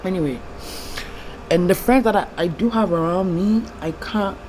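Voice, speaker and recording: A woman's voice: fairly low pitch, normal speed, darkish tone, poor audio. Young woman, candid confessional vlogger, tearful, faint noise behind her. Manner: candid, rambling, heartfelt. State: tearful, trying not to cry. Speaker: YouTube vlogger. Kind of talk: personal confessional vlog.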